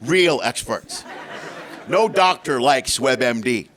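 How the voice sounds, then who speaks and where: A middle-aged man doing a stand-up comedy set, telling stories with animated delivery and shouting the punchlines. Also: mid-range voice, takes it slowly. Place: live comedy stage. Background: audience laughter.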